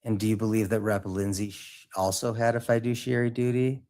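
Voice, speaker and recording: A man with a fairly low voice questions a witness in clipped, precise legal language. He sets out each question carefully and plainly. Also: little pitch movement, darkish tone. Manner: precise, measured, legal phrasing. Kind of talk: formal cross-examination.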